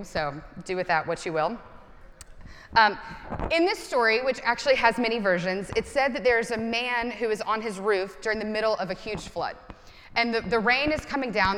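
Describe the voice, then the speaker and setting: A woman's voice: mid-range voice, a bit bright, big-room sound, a little hiss or hum. A woman pastor in her thirties giving a conversational sermon with self-deprecating humor.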